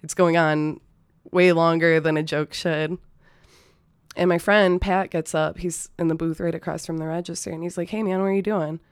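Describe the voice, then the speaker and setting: Low, smooth-voiced woman telling a story. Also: flat delivery, moderate pace, no echo, studio quality. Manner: loose and profane, many fillers, nervous laughs. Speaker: storyteller, former restaurant server. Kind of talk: casual spoken anecdote.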